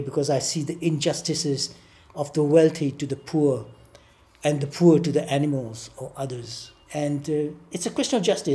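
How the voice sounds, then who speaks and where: An older man, telling childhood stories in an interview and acting out the voices in them. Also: a little high. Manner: animated storyteller who acts out quotes with laughs. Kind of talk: storytelling interview.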